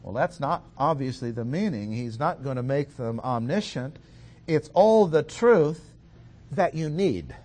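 A man giving an expository Bible lecture, explaining a passage in a measured way and stressing key words. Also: mid-range voice, lively intonation, a little mellow. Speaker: Bible teacher.

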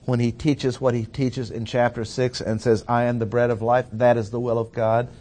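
Deliberate male preacher, mid-pitched. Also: little pitch movement, a little mellow. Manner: deliberate, emphatic, slows on key phrases. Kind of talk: expository sermon.

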